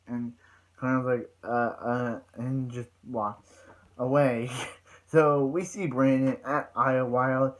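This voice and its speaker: A man's voice: medium pitch, fairly even intonation, slow, poor audio. A man recapping a TV episode in a loose, rambling way, stumbling over restarts and repeating "so yeah" between points. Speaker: TV episode reviewer.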